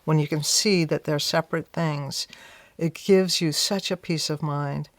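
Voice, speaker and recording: As an interview guest, a woman shares a reflective story, frequently using "you know" and acting out what she once thought. Her deep voice keeps fairly even intonation at a measured pace, recorded dry.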